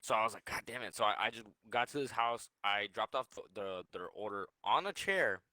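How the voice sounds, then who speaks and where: A man's voice: on the low side, expressive, fairly quick, bright, forceful tone, no room sound. A young man co-hosting a podcast, telling a rambling, swearing story in casual chat. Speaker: podcast co-host.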